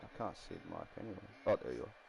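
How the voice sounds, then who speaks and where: A man's voice: deep voice, very animated, fast talker, creaky, a little mellow, low-quality recording. A man casually commenting while building a rugby team in a game, rambling and laughing often. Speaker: gaming streamer.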